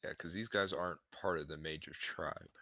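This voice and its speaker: Male player, very deep and very bright, casual chatty delivery. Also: fairly even intonation, moderate pace, slight background noise. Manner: casual, laughing commentary. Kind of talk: tabletop role-play.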